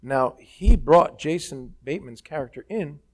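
Casual man with a slightly high voice. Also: animated, measured pace. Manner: casual, conversational, musing. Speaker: guest actor. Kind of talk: onstage conversation. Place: college event stage.

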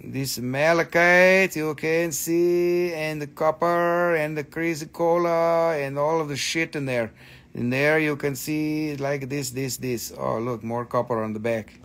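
A man's voice: a little high, fairly even intonation, measured pace, fairly bright tone. A man casually hosting a live-stream crystal sale, joking around, swearing loosely and repeating himself. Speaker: host selling crystals.

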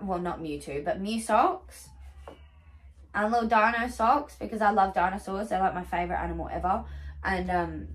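A woman's voice: medium pitch, a little hiss or hum. A young woman chatting casually in a haul vlog, gushing and swearing freely as she shows off her gifts. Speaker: vlogger.

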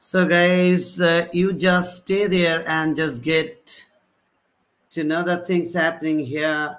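A man teaching a live online class, repeating example sentences with a halting delivery. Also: on the high side, fairly even intonation, fairly bright tone, poor audio. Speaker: English teacher.

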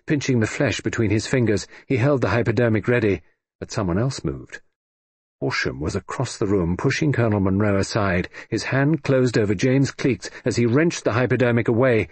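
Husky male audiobook narrator. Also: fairly low pitch, normal speed, dry recording. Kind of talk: scripted narration.

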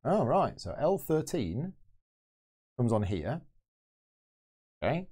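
A man's voice: mid-range voice, big pitch swings, slow, dark tone, slightly rough. A man hosting a board game channel, thinking aloud as he plays through a solo game and explains each move. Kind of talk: solo game playthrough commentary.

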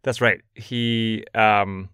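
A man, a journalist guest, explaining events in a measured, steady way in a conversational interview. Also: on the low side, clear, resonant tone, no echo, studio quality.

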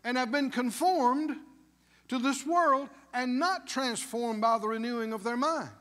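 A man's voice: extremely high pitch, a little slow, pushed and bright, in a large hall. A man preaching a sermon as pastor, emphatic, with call-and-response questions to the congregation.

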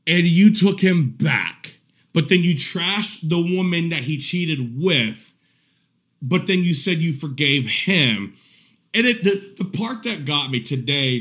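A man giving casual reaction commentary in a profane, mocking, animated way, often breaking into laughter. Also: on the high side. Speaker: commentary vlogger.

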